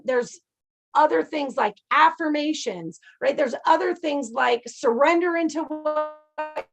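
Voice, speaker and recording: High-voiced chatty woman teaching. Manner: chatty, animated storytelling with frequent "right?". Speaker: abundance teacher. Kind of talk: casual teaching talk.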